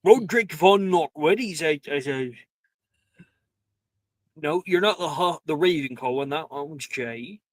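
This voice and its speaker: A towering, stately headmistress who is slow and a little absent-minded, put on by a game master. She talks dryly and close to the mic in a tabletop game. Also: medium pitch, animated, no echo. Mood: musing. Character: very tall grand headmistress, a woman.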